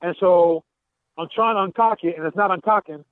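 A man's voice: high-pitched, a little fast, no echo. A man calling in to a talk show from a gym, animatedly retelling a confrontation and acting out the dialogue. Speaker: caller. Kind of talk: phone-in storytelling. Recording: tinny dry phone line.

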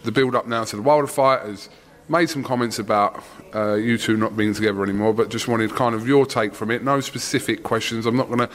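A man's voice: on the low side, steady tone, fairly quick, a bit bright. A man with an Essex accent hosting a casual sports podcast interview, chatty and swearing freely, asking long rambling questions.

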